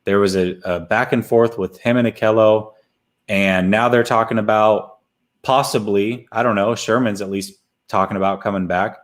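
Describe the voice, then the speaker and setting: A man's voice: lowish voice, steady tone, moderate pace. A man co-hosting a casual sports talk show, giving blunt, emphatic opinions.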